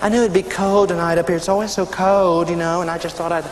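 An exasperated, bossy wife in a spoken joke, as a man puts her on. She talks high and sharp over a noisy, laughing crowd in an echoing hall. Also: level tone, fast, close to an everyday voice. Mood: chatty. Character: indignant wife in a joke, middle-aged woman. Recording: echoey hall, loud audience and noise.

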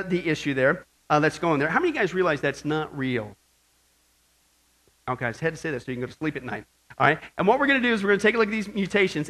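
A man preaching a sermon as pastor, animated and joking, asking the crowd rhetorical questions. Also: sits high.

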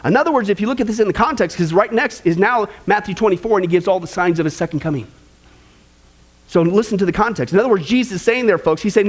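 High-voiced, animated male preacher. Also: fast talker. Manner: animated, acts out quoted voices. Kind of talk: sermon.

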